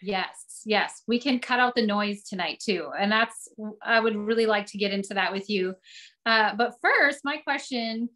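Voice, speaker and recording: A woman in her forties hosting an online class, talking earnestly and warmly with frequent restarts. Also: medium pitch, a little slow. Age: 40s. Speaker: host. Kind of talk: casual class chat.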